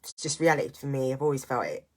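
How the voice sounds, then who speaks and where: A middle-aged woman speaks straight to her viewers in a low voice. She is earnest and reflective, mixing personal confession with motivational advice in an unscripted vlog. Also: quick pace, darkish tone, slight background noise. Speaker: vlogger and single parent. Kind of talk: candid personal vlog monologue.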